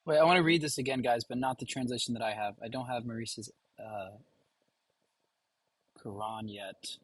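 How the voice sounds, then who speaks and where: A man's voice: medium pitch, steady tone, moderate pace, fairly bright tone, slightly rough, low-quality recording. A man hosting a live watch party, reading a passage aloud with casual asides to viewers. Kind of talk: live stream commentary.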